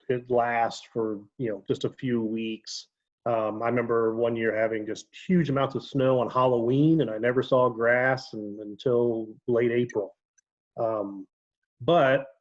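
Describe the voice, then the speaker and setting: A man with an Ohio accent telling relaxed stories as a guest in casual chat, often pausing with ums and correcting himself. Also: medium pitch, muffled recording. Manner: relaxed storytelling with frequent ums and self-corrections. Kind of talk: casual video-call chat.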